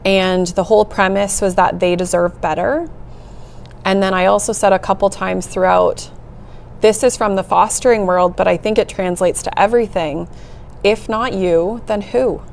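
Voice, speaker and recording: A middle-aged woman speaks as an interview guest at a mid-range pitch, earnest and heartfelt as she tells her story. Soft laughs slip in now and then. A faint hiss of noise sits under her voice. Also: fairly even intonation, normal speed, gravelly. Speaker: executive director, interview guest. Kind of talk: conversational interview.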